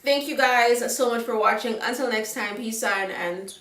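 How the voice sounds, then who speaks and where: A young Jamaican-accented woman chats frankly to her viewers, her voice bright and forward. She talks casually and checks in with them often. The sound is roomy and a little distant from the mic. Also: on the high side, moderate pace. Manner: chatty, frank, asks the viewers "okay?". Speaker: vlogger. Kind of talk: casual advice chat to camera.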